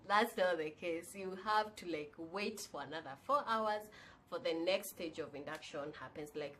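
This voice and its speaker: A woman's voice: fairly low pitch, a bit bright, slight background noise. A young woman, casually and candidly telling a personal story on her vlog, now and then slipping in Swahili phrases. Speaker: vlogger.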